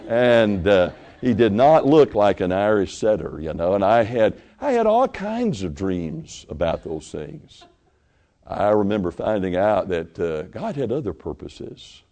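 Brief: middle-aged pastor, lively pitch, emphatic then hushed, sermon. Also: male voice, unhurried. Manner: swings from loud emphatic stretches to quiet asides, with many restarts.

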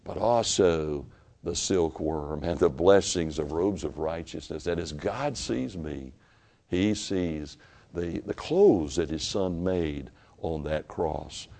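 A man preaching a sermon in a church, pleading softly at times and rising to loud, impassioned exhortation as he gives an altar call. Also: low voice, takes it slowly, vocal fry. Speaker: pastor. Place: church sanctuary.

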